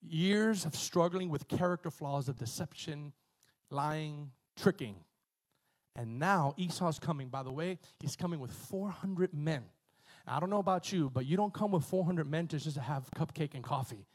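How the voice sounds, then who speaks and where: A man preaching a sermon, retelling a story in a lively, conversational way, with many repetitions and asides to the congregation. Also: on the high side, normal speed. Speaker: pastor.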